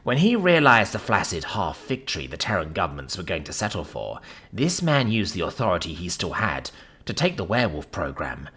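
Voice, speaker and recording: A man narrating a sci-fi story in a steady first-person storytelling manner. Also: sits low, slightly rough. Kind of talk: scripted audiobook narration.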